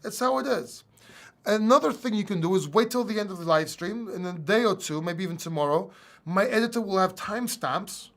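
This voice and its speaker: A man from England with a slight Greek accent hosts a casual livestream Q&A, reading viewer questions aloud and chatting back informally. His voice sits high and sounds a bit bright, expressive, and a little fast.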